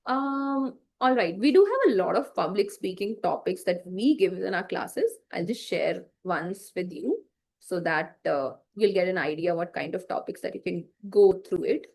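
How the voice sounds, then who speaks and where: A woman's voice: on the low side, expressive, moderate pace, vocal fry, darkish tone. A woman teaching public speaking to children in an online class, encouraging and chatty, with many fillers and tongue twisters said aloud.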